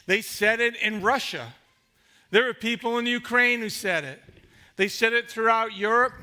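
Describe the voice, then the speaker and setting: A man's voice: sits high, pushed and bright. A man pastor delivering a sermon in a church, emphatic and rhetorical, building his points through repetition.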